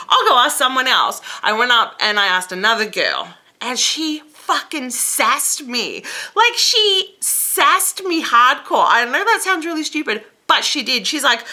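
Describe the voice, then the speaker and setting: A young woman, talking heatedly to her camera. Her voice has a bright, forceful edge. She swears freely and plays out each side of the conversations she is recounting. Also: on the high side, animated, measured pace. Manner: heated, swears freely, acts out quoted exchanges. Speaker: vlogger. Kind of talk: angry rant to camera.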